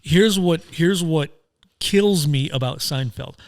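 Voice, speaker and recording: A man's voice: on the high side, takes it slowly, a little mellow. A man co-hosting a casual talk show, carefully laying out his opinions. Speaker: podcast host. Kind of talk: casual chat.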